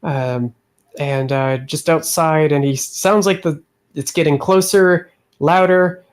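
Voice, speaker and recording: A man's voice: a little high, fairly even intonation, unhurried. A man running a tabletop game as game master, narrating with many hesitations and easy laughs.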